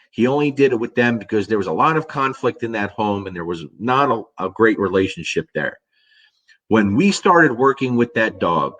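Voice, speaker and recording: Lowish-voiced man telling a dog story. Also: dull audio. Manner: animated storyteller, swears casually, acts out his own reactions. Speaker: dog trainer answering viewer questions. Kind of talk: casual storytelling Q&A.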